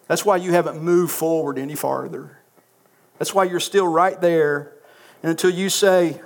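A man preaching a sermon as a pastor, emphatic, swinging from loud peaks to quiet asides. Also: on the high side, steady tone, moderate pace. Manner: emphatic, rising to loud peaks then dropping soft. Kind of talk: sermon with closing prayer.

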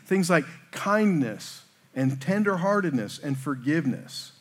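A man delivers a sermon in a relaxed, conversational way. He keeps checking in with his listeners and makes light jokes at his own expense. His voice sits a little higher than most men's. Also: measured pace. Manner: self-deprecating asides. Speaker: pastor.

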